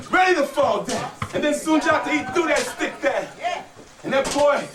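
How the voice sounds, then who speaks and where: A male storyteller with a very high-pitched voice performs a folk tale live, building rhythm and calling out for his audience to answer. The sound is roomy and echoing, caught from a distance. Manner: dramatic, rhythmic call-and-response with listeners. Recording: echoey room, voice from far off.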